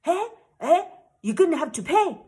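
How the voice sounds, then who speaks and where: A woman's voice: very high-pitched, sing-song, normal speed, mellow, pitched above the performer's own voice. A woman voicing a stern, intimidating male immigration officer who badgers with taunting questions. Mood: scolding.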